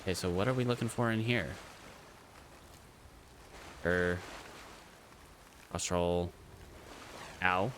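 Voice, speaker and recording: A man's voice: low-pitched, slow pace, pauses often, a bit bright, slight background noise. A man casually commenting as he streams a game, chatting to viewers and to creatures on screen.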